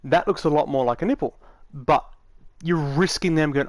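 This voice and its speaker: A man's voice: fairly high pitch, normal speed, dry recording. A man giving a casual, rambling tutorial, matter-of-fact and full of fillers, recorded dry on a close mic. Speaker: game tutorial maker.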